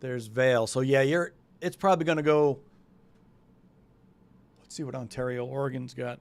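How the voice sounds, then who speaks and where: Smooth-voiced man chatting through the weather. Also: medium pitch, moderate pace. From New England. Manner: loose and chatty, thinks aloud with many fillers. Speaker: weather show host. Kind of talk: casual live weather talk.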